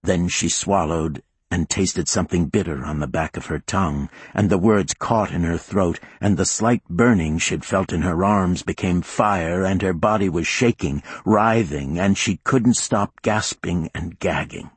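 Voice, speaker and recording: A man reads a thriller audiobook in a measured, grave way. His voice is very deep and husky. The recording is dry and close to the mic. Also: no room sound. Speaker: audiobook narrator. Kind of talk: scripted thriller narration.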